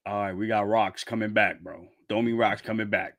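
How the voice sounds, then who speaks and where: A man reacting live to a manga chapter, reading it aloud and breaking into loud, slangy, repetitive outbursts. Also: on the low side, moderate pace, few pauses. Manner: excitable, loud outbursts, slangy, repeats himself. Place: home streaming setup with green screen.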